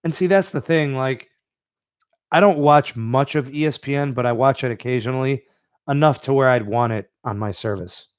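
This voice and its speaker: A man's voice: medium pitch, moderate pace, no echo. Casting: easygoing male podcast host, mid-range voice, dry close mic, loose chatty delivery. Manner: laid-back, reads out live chat, many fillers. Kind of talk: live-stream podcast chat.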